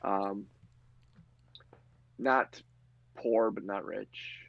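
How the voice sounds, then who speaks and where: A man runs a tabletop game in an easygoing, chatty way, narrating scenes and speaking to his players. His voice is low and husky with a gravelly rasp. The recording sounds muffled and lo-fi. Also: extremely slow, no echo. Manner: relaxed, chatty, laughs easily. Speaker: game master. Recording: lo-fi muffled audio.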